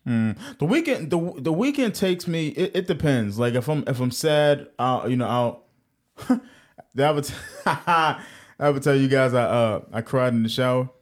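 A man's voice: medium pitch, animated, a little slow. A young man from New York on a casual podcast chat, telling stories loosely with lots of swearing and laughter. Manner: laid-back storytelling with lots of profanity and laughter. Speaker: podcast co-host.

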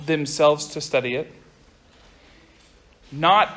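Fast-talking high-voiced young male preacher. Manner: fast-talking, chatty, self-interrupting. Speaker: youth pastor. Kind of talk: casual youth sermon. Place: room with a group of listeners.

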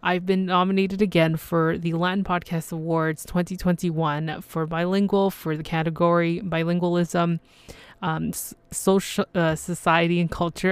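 A young woman hosting her solo podcast, gushing and excited, with lots of fillers and restarts. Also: on the low side, normal speed, smooth, dry recording. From Canada. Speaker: podcast host. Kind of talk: casual solo podcast chat.

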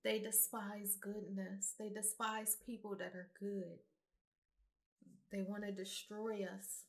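A woman's voice: medium pitch, flat delivery, slow. A woman giving an earnest, emphatic spiritual monologue straight to her viewers in a casual vlog. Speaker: vlogger.

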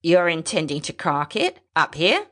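A woman voicing a desperate, injured male fugitive who talks in a gruff, clipped snarl. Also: low-pitched, very animated, normal speed. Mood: angry.

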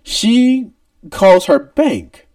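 A man's voice: high voice, extremely slow, no room sound, recorded from a distance. A man co-hosting a podcast, telling a retail story casually and acting out angry customers. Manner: animated, mimics shouting customers. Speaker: podcast co-host.

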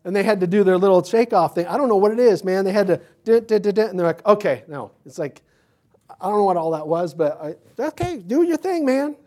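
A man preaching a sermon as pastor, conversational, with humorous asides and bursts of excitement. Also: high-pitched, fast.

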